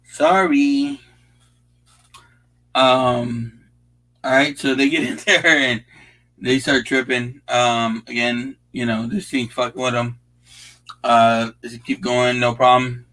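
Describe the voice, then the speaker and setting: Young guy hosting a movie watch-along, mid-pitched, profane, rambling, casual. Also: level tone, slow, long pauses, fairly bright tone, poor audio. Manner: profane, rambling, laid-back with frequent fillers.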